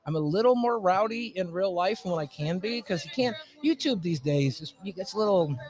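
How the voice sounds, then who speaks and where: A man talking as a podcast guest in rowdy, sweary, animated casual chat at a comic convention. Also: sits high, fairly quick. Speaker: guest YouTuber.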